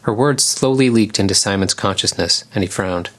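A man narrating an animal story in a calm, measured audiobook style. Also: on the low side.

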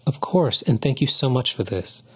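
A kind mother lioness from a storybook coaxes and teases gently, her voice lifted high above a man's usual range, as a male narrator puts her on. The tone carries a husky, breathy grain. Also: lively intonation, normal speed. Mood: warm coaxing. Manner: kind, coaxing, gently teasing. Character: warm motherly lioness, adult female.

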